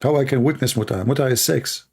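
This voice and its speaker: A man hosting a debate livestream in non-native English, hoarse and coughing as he argues through rhetorical questions. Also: medium pitch, fast, a little mellow. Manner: argumentative, fires rhetorical questions. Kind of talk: live stream Q&A monologue.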